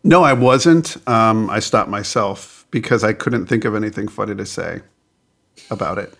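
Laid-back podcast host. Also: male voice, lowish voice, normal speed, gravelly, fairly bright tone. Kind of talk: casual chat.

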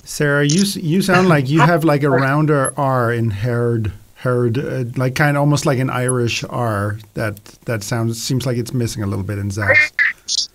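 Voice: medium pitch, animated, normal speed. A participant in the session who comments on how the speakers shape their vowels and R sounds.

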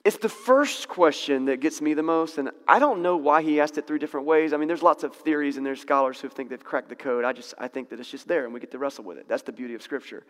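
A man teaching a Bible passage in a relaxed, conversational way, correcting himself and laughing in asides. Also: on the high side, quick pace, hardly any pauses, long reverb tail.

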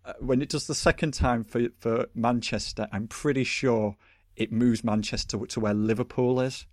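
A man's voice: mid-range voice, normal speed, no echo. Chatty man, rambling. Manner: rambling, animated, many fillers and laughs. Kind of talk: casual chat.

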